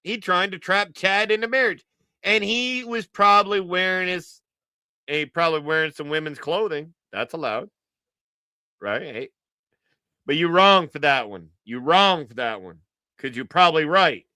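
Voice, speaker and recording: A man's voice: on the high side, lively intonation, measured pace, pushed and bright, clear, resonant tone, dry recording. A man hosting a livestream, giving casual, joking reaction commentary and repeating his phrases. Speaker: livestream host.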